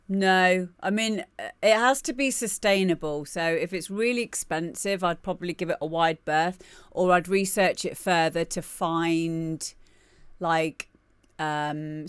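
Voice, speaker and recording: A woman's voice: on the low side, smooth, no room sound. A woman in her thirties hosting a live stream, chatting casually and greeting viewers by name with laughs and rambling asides. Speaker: livestream host.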